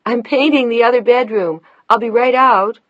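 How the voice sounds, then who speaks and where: A woman reading an audiobook, voicing an emotional pregnant young woman who speaks in an earnest, bright way. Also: medium pitch, moderate pace, dry recording, highs cut off, voice pushed up, lightly acted. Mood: calling.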